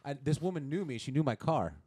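A man's voice: fairly high pitch, animated, fast, dark tone. A man in his thirties on a podcast, telling a crude story in casual chat and acting out the other people in it. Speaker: podcast co-host.

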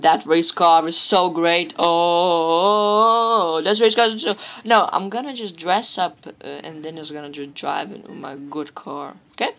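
Slow rambling woman gamer commentator. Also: lowish voice, steady tone, gravelly, a bit bright. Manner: rambling, repetitive, chatty. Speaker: gameplay commentator. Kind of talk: casual let's-play commentary.

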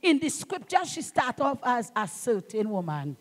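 A woman's voice: a little high, big pitch swings, moderate pace. Fervent Trinidadian woman pastor preaching. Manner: fervent, emphatic preaching with call-outs and bursts of shouting. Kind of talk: sermon.

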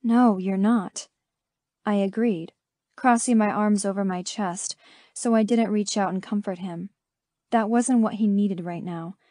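A woman narrates an audiobook at a measured, steady pace. Her voice is warm and mellow, recorded dry and close with no room sound. Her pitch sits in a middle range. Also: no echo. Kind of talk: scripted first-person narration.

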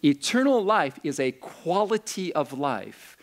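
Male pastor for a youth camp sermon. Fairly high voice with wide swings, animated and playful. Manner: animated, swings between slow solemn reading and quick joking asides.

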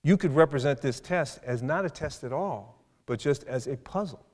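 An older man lectures at a university, his voice sitting in the middle of the male range. He speaks thoughtfully, often restarting sentences and pausing with hesitations. The sound carries the long reverb of a lecture hall. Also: mid-range voice, expressive, a little mellow. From South Side of Chicago.

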